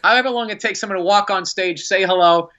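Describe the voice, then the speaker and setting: A man with a bright, forceful voice and a somewhat high pitch tells a story with lots of energy, acting out the lines of the people in it. He talks casually as a podcast guest, and the audio sounds a bit dull and lo-fi. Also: fast talker. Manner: animated, excitable storyteller who acts out quotes. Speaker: guest comedian.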